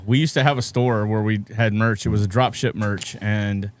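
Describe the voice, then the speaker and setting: A man's voice: fairly low pitch, fairly even intonation, moderate pace. A man in his forties in a casual chat, chiming in with short agreeing replies and jokes, and telling a story now and then. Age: 40s.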